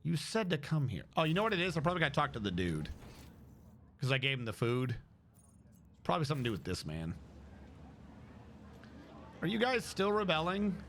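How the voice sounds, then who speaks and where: Lively man streaming a game. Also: on the high side, brisk, long pauses, slight background noise. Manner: chatty, thinks aloud and reads game text. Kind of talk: casual gaming commentary.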